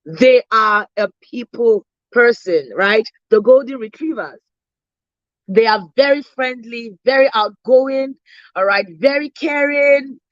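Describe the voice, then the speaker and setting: Lively woman business trainer, high bright voice, dry muffled recording, keeps tagging "right?". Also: no room sound. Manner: animated, stressing points with repeated "right?" tags. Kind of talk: sales training talk.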